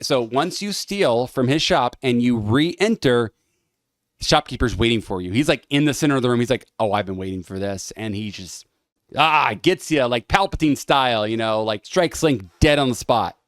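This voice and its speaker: A man's voice: medium pitch, animated, normal speed, a bit bright, no echo, studio quality. A man with an American accent giving casual, rambling commentary on a game he is playing. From United States. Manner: chatty, rambling, lots of "like". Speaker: let's-play host.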